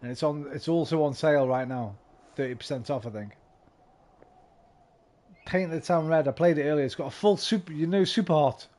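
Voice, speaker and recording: A man's voice: a little high, a little fast. Tipsy, sweary man rambling. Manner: rambling, sweary, swings from loud bursts to mumbling. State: tipsy, slightly slurring. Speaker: game streamer. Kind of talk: casual stream chat.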